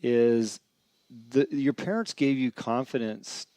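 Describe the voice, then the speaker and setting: A man's voice: medium pitch, slow, warm tone, dry recording. A man hosting a podcast, reflecting back on what his guest said and steering the interview. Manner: reflective, sums up the guest's story. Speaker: podcast host. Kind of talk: interview questions.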